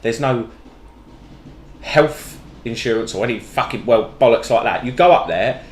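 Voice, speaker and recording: A man's voice: mid-range voice, moderate pace, echoey room, a little hiss or hum. A man, co-hosting a podcast and telling stories in casual, sweary chat. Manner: sweary, lively storytelling. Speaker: podcast co-host.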